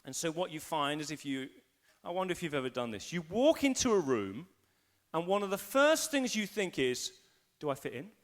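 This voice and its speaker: Male pastor, live sermon, animated delivery with voiced inner thoughts, bright high register. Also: moderate pace. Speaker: senior pastor. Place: school hall used for a church service.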